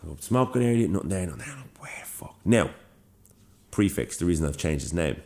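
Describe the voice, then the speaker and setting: A young man from Ireland with a Dublin accent, co-hosting a podcast and telling an animated, swear-filled story. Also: low voice, brisk. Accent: Dublin Irish. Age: young adult. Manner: animated storyteller, swears freely, acts out quoted lines. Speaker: podcast co-host. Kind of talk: casual storytelling chat.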